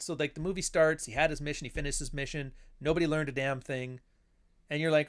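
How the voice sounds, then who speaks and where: This male author talks quickly at a medium pitch, hosting loose commentary about old movies. He wanders from point to point, curses without restraint and performs the quotes he cites.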